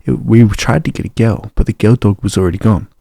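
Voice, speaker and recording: A man's voice: on the low side, a little fast, vocal fry, dark tone, dry recording, studio quality. A young man, swearing and ranting in a casual personal vlog. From Australia. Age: young adult. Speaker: vlogger.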